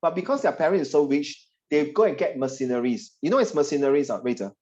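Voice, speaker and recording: Singaporean male tutor, chatty teasing delivery, slightly high voice, lo-fi video call audio. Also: lively intonation, quick pace, a little mellow. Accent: Singaporean English. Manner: chatty, teasing, puts on voices of parents and students. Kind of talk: online class teaching.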